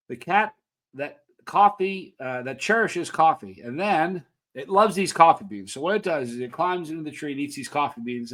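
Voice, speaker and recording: A man's voice: fairly high pitch, a bit bright. A man hosting a casual countdown show, reading facts with playful asides and questions to viewers. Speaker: channel host.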